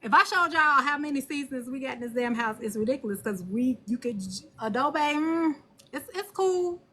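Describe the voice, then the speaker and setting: A woman hosting a live stream and talking on her phone, blunt and animated, cursing freely. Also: sits high, normal speed. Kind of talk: casual live stream chat.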